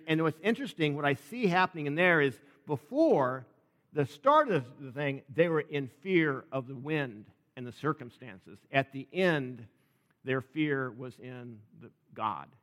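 A man's voice: mid-range voice, fairly bright tone. Man preaching in a reverberant hall. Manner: conversational, jokey preaching with restarts. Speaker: pastor. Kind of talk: sermon.

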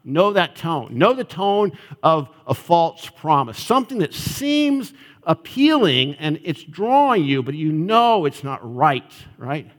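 A man's voice: fairly high pitch, big pitch swings, slow pace. A male pastor giving a sermon in a conversational style, often checking in with the audience. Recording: long reverb of a large hall.

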